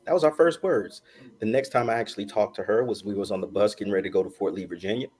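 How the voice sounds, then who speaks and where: A man's voice: fairly low pitch, fast, a little mellow. A middle-aged man, a podcast guest, telling a long personal story in casual chat, laughing often and acting out what people said.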